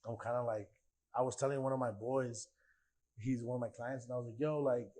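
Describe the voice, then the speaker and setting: A man's voice: mid-range voice, fairly even intonation, brisk, darkish tone. A young man casually telling a story on a podcast, full of slang and profanity and acting out other people's voices. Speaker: podcast guest.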